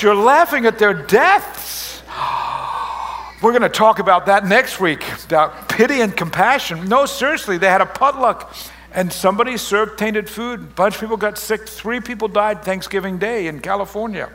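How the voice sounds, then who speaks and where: A middle-aged pastor delivering a lighthearted sermon in church, his voice pitched high for a man. He jokes and teases the congregation with animated, playful delivery. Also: normal speed. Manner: joking, animated, teasing the congregation. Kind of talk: humorous sermon. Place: church service.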